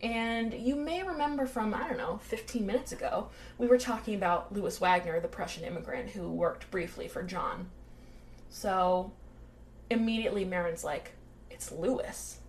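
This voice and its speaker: A woman's voice: mid-range voice, normal speed, slight background noise. A woman co-hosting a podcast, telling a true-crime story casually, with swearing and acted-out quotes. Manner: animated, swearing, acts out quotes. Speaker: podcast co-host.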